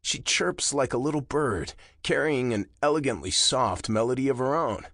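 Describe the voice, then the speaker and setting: A man narrating a romance audiobook in the first person, with a slow, low and intimate delivery. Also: lively intonation, fairly bright tone, no echo, clean studio sound.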